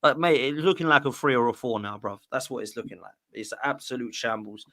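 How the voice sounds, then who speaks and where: Bright-toned man, passionately ranting. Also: medium pitch, lively intonation, quick pace. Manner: passionate, exasperated ranting with slang. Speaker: guest co-host. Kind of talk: casual football chat.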